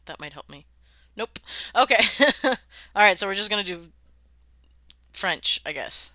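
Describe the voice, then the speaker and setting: A woman's voice: medium pitch, animated, a little slow, bright, forceful tone, no room sound. A woman streaming live, chatting casually and swearing freely as she worldbuilds and sounds out words, laughing often.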